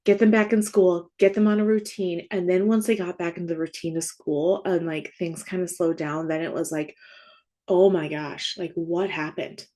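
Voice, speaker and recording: Woman in her 30s, grief coach host, slightly low pitch, chatty teaching tone full of "like" and "right?". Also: steady tone, a little fast, hardly any pauses, warm tone. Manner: conversational, frequent "like" and "right?" check-ins. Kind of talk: casual spoken podcast teaching.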